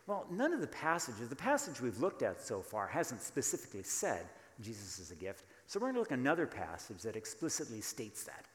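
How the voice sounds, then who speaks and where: A man's voice: medium pitch, huge pitch swings, brisk, few pauses. Emphatic preacher man in an echoey hall. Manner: emphatic, rhetorical questions, asks the congregation to answer. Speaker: pastor. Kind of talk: sermon.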